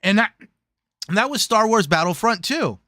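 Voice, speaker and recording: A man hosting a casual gaming chat show, lively and joking, who slips into silly put-on voices now and then. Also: high-pitched, moderate pace, no echo, studio quality. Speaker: host.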